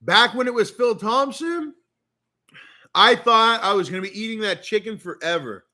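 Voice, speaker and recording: High-voiced Canadian man ranting. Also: moderate pace. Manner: profane, animated storytelling. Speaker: streamer. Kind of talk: rambling casual rant.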